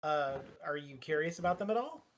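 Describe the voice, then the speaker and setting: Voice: mid-range voice, animated, a little fast, slight background noise. A game master narrating a tabletop game in a rambling way, full of fillers and restarts.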